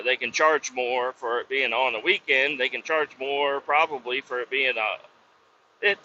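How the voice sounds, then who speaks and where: A man with a mid-range, sharp-toned voice hosts a podcast, and he also does industrial cleaning work. He rambles through a story about his job with heavy swearing and frequent self-doubt. The audio is dull, with slight background noise.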